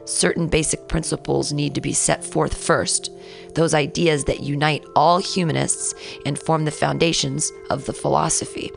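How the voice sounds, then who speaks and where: A young adult woman, a comedian hosting a podcast, who reads texts aloud and breaks into sudden excited outbursts. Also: low-pitched, normal speed, vocal fry, faint music behind. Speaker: podcast host and stand-up comedian. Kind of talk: casual podcast reading and commentary.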